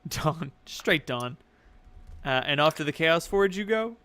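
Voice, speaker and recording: Casual young male game master, smooth voice. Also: a little high, animated, a little slow, sharp tone. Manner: casual, rambling with many fillers. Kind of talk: narrating a tabletop game.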